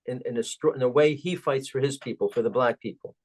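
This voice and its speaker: Older male guest, middle pitch, rambling anecdotal storyteller, lots of fillers. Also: darkish tone. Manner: anecdotal, chuckling, halting with fillers. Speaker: guest, organization president. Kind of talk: storytelling interview.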